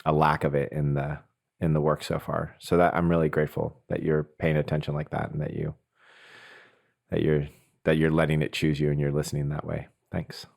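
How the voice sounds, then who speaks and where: A man with an extremely deep voice hosts a podcast conversation. He talks earnestly and reflectively, working his ideas out aloud with small restarts as he goes. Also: completely flat delivery, fairly quick, vocal fry, a little mellow. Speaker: podcast host.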